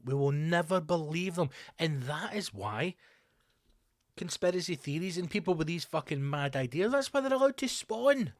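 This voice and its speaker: A man's voice: fairly high pitch, lively intonation, normal speed, no echo, studio quality. Man, rambling comic storytelling. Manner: rambling storytelling with sudden loud, incredulous outbursts. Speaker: comedian and podcast host. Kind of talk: comedic monologue.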